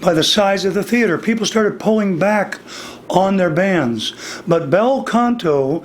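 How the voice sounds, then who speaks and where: An older man teaching singing in a slow, deliberate interview manner, his voice slightly worn. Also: high-pitched, animated, a little hiss or hum. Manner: demonstrates vocal registers, slow and deliberate. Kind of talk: instructional interview.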